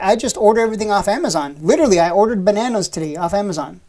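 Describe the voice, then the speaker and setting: Rapid-fire and expressive, this woman in her thirties has a mid-range voice with a darkish tone. As a casual livestream host reading chat, she teases viewers through profane, joking rants, laughing often between lines.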